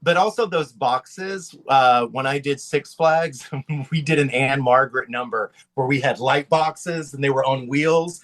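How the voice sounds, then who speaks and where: A man from Louisiana, a drag performer guesting on a podcast, chatting about a film in a rambling, animated way. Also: unhurried, hardly any pauses. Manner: animated, rambling, with big pitch swings. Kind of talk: casual movie chat.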